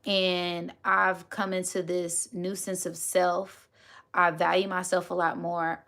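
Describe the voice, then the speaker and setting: Woman host, bright, forceful voice, chatty livestream talk. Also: on the low side. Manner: chatty, thanks viewers often, says y'all. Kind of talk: casual livestream chat to viewers.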